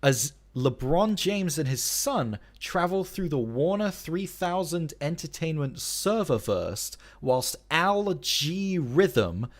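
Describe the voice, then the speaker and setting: A man's voice: a little high, very animated, takes it slowly, few pauses. A man hosting a live stream in casual chat, ranting in an exasperated, profane way. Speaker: streamer and show host.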